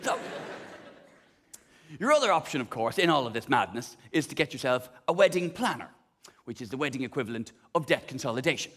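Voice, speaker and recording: A man's voice: medium pitch, big pitch swings, a little fast, long pauses, fairly bright tone. A man performing live stand-up comedy on a theatre stage, ranting animatedly and swearing freely into a stage mic. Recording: long theatre hall reverb.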